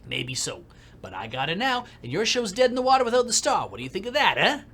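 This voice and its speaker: A loud, brash middle-aged TV producer with a put-on New York accent and a short fuse, as a man does the voice. He talks bluntly, his pitch jumping around a lot as he reads the game's lines. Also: huge pitch swings, quick pace, husky, heavily acted. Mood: suspicious. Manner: blunt, hot-tempered, loud.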